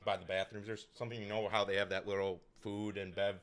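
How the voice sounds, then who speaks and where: A man's voice: on the low side, little pitch movement, fast, a bit bright. Rambling man telling stories. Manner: rambling, hesitant, many fillers. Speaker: podcast co-host. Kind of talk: casual chat, telling news stories.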